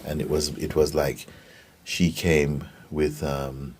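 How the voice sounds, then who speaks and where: A man giving a gentle spiritual talk and telling stories, often checking in with his listeners. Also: rumbling low, flat delivery, a little hiss or hum. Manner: gentle, unhurried, keeps asking "you see?". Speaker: spiritual teacher.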